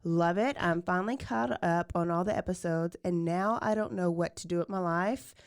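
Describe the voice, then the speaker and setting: A woman's voice: fairly low pitch, normal speed, no echo, studio quality. A woman co-hosting a podcast, chatting casually, laughing often and reading out listener messages. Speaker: podcast co-host. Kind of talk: casual chat.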